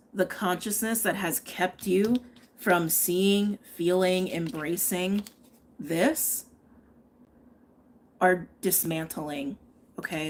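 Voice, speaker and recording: A woman's voice: fairly low pitch, slight background noise. A woman giving a live tarot and astrology reading, chatting and thinking aloud, often checking in with "okay?". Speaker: tarot reader.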